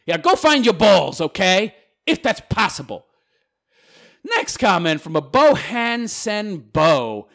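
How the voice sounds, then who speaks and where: A man delivers a combative, sarcastic rant as he answers viewer comments. His voice is gravelly with heavy vocal fry, and it sits fairly high for a man. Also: very animated, takes it slowly, fairly bright tone. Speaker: channel host reading viewer comments. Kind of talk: ranting commentary.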